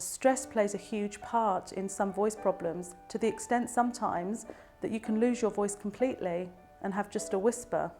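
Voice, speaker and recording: A woman, a speech and language therapist, explaining voice problems in a calm, clear and measured way. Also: mid-range voice. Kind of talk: explanatory educational talk to camera.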